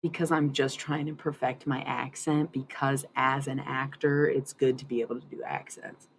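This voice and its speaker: Young woman streamer, low voice, drifting casual talk, faint hiss behind. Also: little pitch movement, normal speed, creaky, low-quality recording. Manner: dreamy, meandering, laughs often. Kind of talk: casual livestream chat about channeling.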